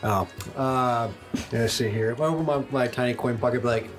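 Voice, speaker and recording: A player in a tabletop game, chatting in a casual way. The voice is a medium one with playful, drawn-out questions. The room sounds echoey, and faint music plays behind. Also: mid-range voice.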